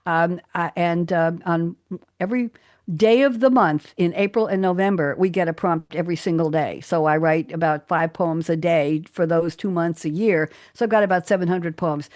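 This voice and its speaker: A woman's voice: fairly low pitch, normal speed, darkish tone, dry recording, clean studio sound. An older woman hosting a live talk show, chatty and theatrical, reading out her own poem with flair. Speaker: host.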